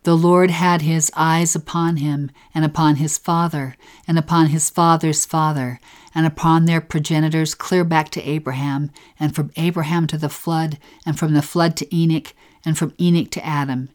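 A woman teaching scripture, reading verses in a reverent, measured way. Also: sits low, steady tone. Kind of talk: scripture discussion.

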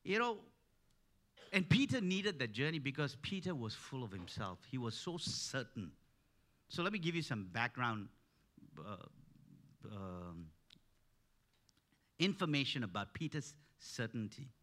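Bright-voiced man preaching a sermon. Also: mid-range voice, sing-song, a little slow, pauses often. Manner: storytelling, many restarts, rising to emphatic peaks.

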